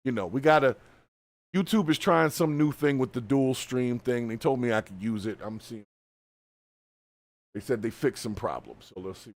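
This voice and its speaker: A man hosting a live stream, reacting to a video with casual, animated, colloquial commentary. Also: mid-range voice, moderate pace, long pauses. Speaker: host.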